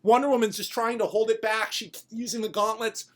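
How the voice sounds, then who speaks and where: A podcast host pitching a story idea in a comedic, rambling way, profane and animated. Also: brisk.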